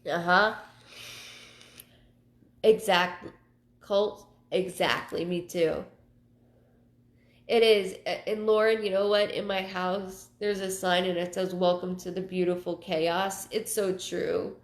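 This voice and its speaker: A woman psychic medium hosting her live show, chatting casually and telling personal stories in a halting way, often repeating words. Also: lowish voice, fairly even intonation. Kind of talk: casual livestream talk. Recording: roomy echo.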